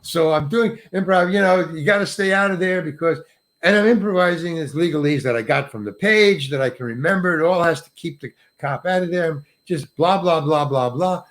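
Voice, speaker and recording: A man's voice: on the high side, fairly quick, a bit bright. An older male actor telling a self-mocking anecdote in an interview, acting out the people he quotes. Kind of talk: storytelling in an interview.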